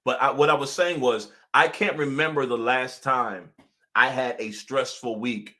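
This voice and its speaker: A man hosting a casual motivational livestream as pastor and coach, animated, often laughing and repeating his points for emphasis. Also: mid-range voice, a little slow.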